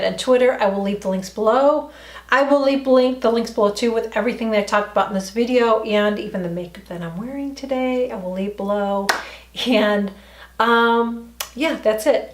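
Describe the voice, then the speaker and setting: A woman's voice: a little high, a little hiss or hum. Chatty middle-aged woman in an echoey room. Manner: enthusiastic, repeats herself, chatty. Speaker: beauty vlogger. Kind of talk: casual makeup tutorial. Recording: roomy echo, faint music.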